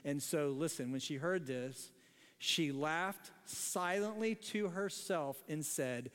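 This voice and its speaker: High-voiced joking male pastor. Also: slow pace, fairly bright tone, big-room sound. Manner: conversational, joking, laughs often. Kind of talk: sermon. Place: church sanctuary.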